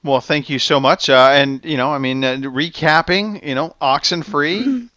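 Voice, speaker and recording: A man's voice: fairly high pitch, normal speed, sharp tone, no echo. A man hosting a gaming podcast, leading casual chat with teasing banter. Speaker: podcast host.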